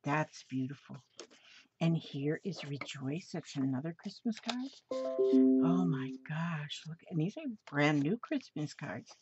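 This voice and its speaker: A woman's voice: deep voice, animated, slow, music in the background. A woman on a crafting channel, gushing and exclaiming as she shows off gifts she received in the mail. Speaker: crafting vlogger. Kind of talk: casual show-and-tell of a mail package. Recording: slightly dull home recording with faint noise.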